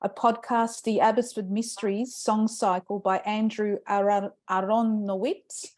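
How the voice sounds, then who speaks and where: A woman's voice: mid-range voice, level tone, measured pace, darkish tone. Woman host, mid-range voice, casual introduction. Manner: reads a bio, then talks loosely with fillers. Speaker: open mic host. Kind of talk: introducing a reader.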